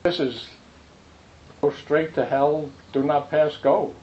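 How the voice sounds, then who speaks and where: A man with a slightly high voice gives a rambling spiritual talk, full of stories and asides. The recording is muffled and lo-fi. A faint hiss runs underneath. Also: takes it slowly. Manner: rambling, animated storytelling with asides. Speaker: spiritual teacher. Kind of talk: dharma talk with questions.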